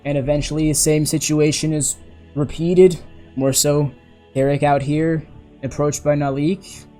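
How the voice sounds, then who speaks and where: Brief: male game master, mellow voice, casual rambling tabletop narration. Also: on the high side, little pitch movement, unhurried, soft background music. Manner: casual storytelling with a self-correcting ramble.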